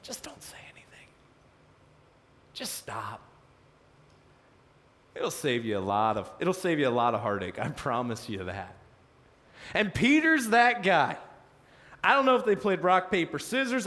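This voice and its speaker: A male pastor preaching, telling the story with animated, self-mocking humor. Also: fairly high pitch, moderate pace, long reverb tail. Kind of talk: sermon.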